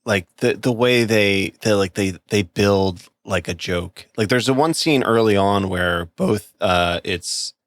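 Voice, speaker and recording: Speaking at a measured pace with few pauses, this lowish-voiced man co-hosts a podcast, rambling casually about a film with many fillers and restarts and acting out quotes. The studio-quality recording has no echo.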